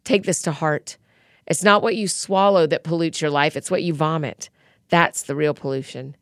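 A woman reading the words of Jesus as a blunt, commanding male teacher, in her own low voice. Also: steady tone, moderate pace, a bit bright, dry recording, studio quality. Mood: stern.

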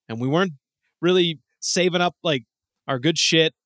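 Man, casual podcast chat, animated storyteller, swears freely, dry close sound. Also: fairly high pitch, normal speed, no echo.

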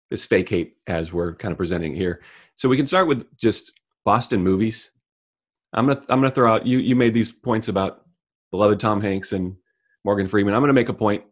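A middle-aged man co-hosting a casual comedic chat, delivering deadpan mock rants. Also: lowish voice. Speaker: podcast co-host.

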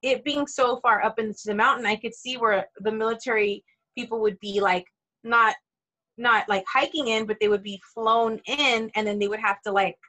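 A woman's voice: a little high, steady tone, normal speed, bright, forceful tone. A woman co-hosting a podcast, rambling and giggling through casual chat. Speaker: podcast co-host.

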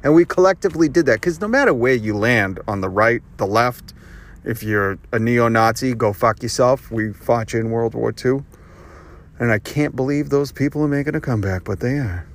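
Man, podcast host, ranting solo, sarcastic, swears a lot, mid-pitched voice. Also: normal speed. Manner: profane, sarcastic, rambling rant. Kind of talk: ranting monologue.

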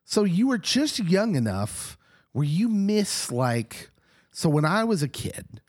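A middle-aged man who co-hosts a podcast, talking casually while hoarse and husky from a recent illness, animated and laughing often. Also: high-pitched, slow pace, no room sound, studio quality. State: hoarse, getting over an illness. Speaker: podcast co-host, pastor.

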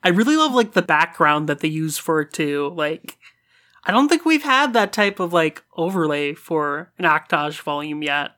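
A podcast co-host in a relaxed casual chat, using frequent fillers. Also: medium pitch, moderate pace.

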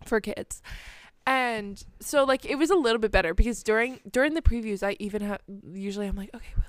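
A woman's voice: fairly high pitch, fairly quick, no echo. A woman in her thirties, a parent, telling a funny story in casual chat, laughing often and acting out the lines of her child.

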